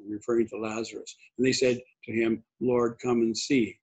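An older man giving a conversational sermon, husky, rambling and restarting often. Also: medium pitch, little pitch movement, moderate pace, darkish tone. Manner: rambling, many restarts and fillers. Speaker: pastor. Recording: dull lo-fi recording.

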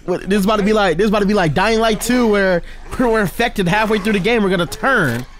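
A young man giving loud, excitable, trash-talking commentary while he plays a video game. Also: high-pitched, fast talker, slight background noise. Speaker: gaming video host. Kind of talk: excited let's-play commentary. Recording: game soundtrack playing behind.

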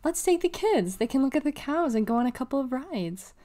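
A woman reading aloud and voicing a firm, brisk mother who gives commands. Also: high voice, sing-song, mellow, pitched above the performer's own voice. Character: firm, busy mother of seven.

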